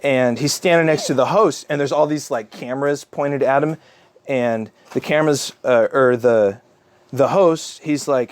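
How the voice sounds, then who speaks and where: A man's voice: mid-range voice, moderate pace, dry recording. A man, a father, telling an improvised story to his child in a chatty, rambling way with many fillers. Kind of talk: improvised bedtime-style storytelling.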